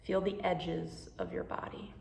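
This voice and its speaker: A woman guiding a meditation, speaking slowly and gently with soothing instructions. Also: on the low side, level tone, gravelly, roomy sound. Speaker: meditation guide. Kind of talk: guided meditation.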